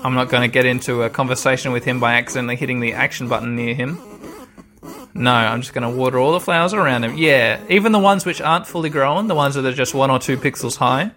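A man's voice: medium pitch, fast talker, pushed and bright. A man casually commenting on a video game as he plays, rambling and swearing freely. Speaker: gamer. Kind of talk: casual let's-play commentary.

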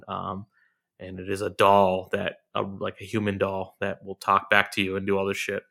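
A man's voice: low voice, completely flat delivery, normal speed, creaky, sharp tone. A man in his thirties chatting casually about movies, rambling with many ums and restarts. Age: 30s. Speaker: movie reviewer on a talk show. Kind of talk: casual chat.

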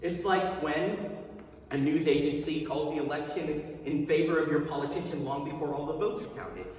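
A pastor in his thirties preaches in a casual, emphatic way, asking his listeners questions as he goes. His slightly high voice sits well back from the mic. It rings through a large reverberant hall over faint room ambience. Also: normal speed, a little mellow, far from the mic, slight background noise. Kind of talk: sermon. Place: church sanctuary.

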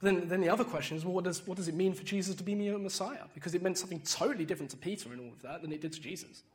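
A man's voice: sits high, very fast. A young man preaching an informal sermon in a conversational way, repeating words and often checking in with "right?".

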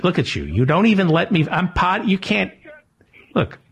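A man's voice: sits high, very animated, normal speed, gravelly, slightly rough, muffled recording. A man hosting a podcast, needling and mock-accusing his co-host in comedic banter.

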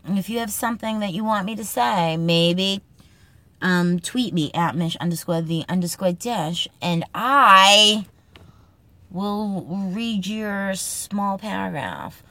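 A woman's voice: mid-range voice, slow pace, pushed and bright, no room sound. A woman with a Boston accent hosting a casual, comedic podcast monologue, brash and profane in a joking, tough-talking way. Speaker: podcast host.

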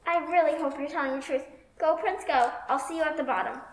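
A woman voicing a spirited young princess escaping a tower, talking in an animated, excitable way. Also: sits high, fast, lightly acted. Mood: excited. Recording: echoey room.

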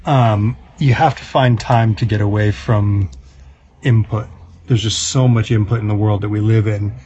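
A man's voice: lowish voice, fairly even intonation, moderate pace, dark tone, muffled recording, a little hiss or hum. A man, a comedy writer and podcast guest, talking in a thoughtful, laid-back way. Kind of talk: casual podcast chat.

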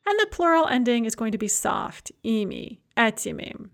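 A woman with a slightly high voice explains grammar endings slide by slide. She talks in a calm, orderly teaching manner and pauses to read each example word aloud. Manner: clear, methodical, reads out example words. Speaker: language teacher.

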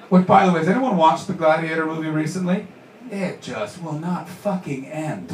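A man's voice: sits high, expressive. Guy doing stand-up, swearing and riffing with the crowd, sounds far off in an echoey room with noise behind. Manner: loud, sweary, quick banter with audience. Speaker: stand-up comedian. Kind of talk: stand-up comedy with crowd work. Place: live comedy venue with audience. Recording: roomy, distant mic with background noise.

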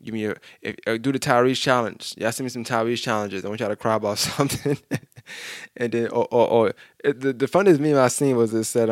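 A man's voice: lowish voice, steady tone, brisk, no room sound, clean studio sound. A man hosting a podcast in a laid-back, loose way, laughing easily. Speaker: podcast host. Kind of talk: casual podcast chat.

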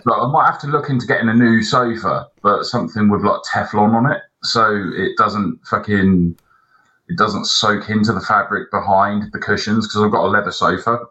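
A man's voice: lowish voice, normal speed, bright, forceful tone, highs cut off. A man co-hosting a podcast, telling long rambling anecdotes and swearing a lot. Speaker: podcast co-host. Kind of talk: casual chat.

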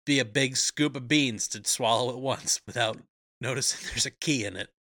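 A man's voice: mid-range voice, normal speed, bright, forceful tone, no room sound, clean studio sound. A man co-hosting a podcast, casually recapping a movie plot and laughing often. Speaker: podcast co-host.

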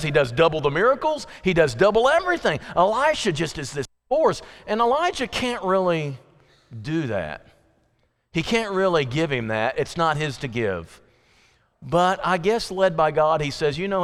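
Lively-voiced preacher man in a reverberant church. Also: moderate pace. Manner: conversational, asks the listeners questions; acts out quoted voices with sudden pitch jumps. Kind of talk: evening sermon. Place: church sanctuary. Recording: long hall reverb.

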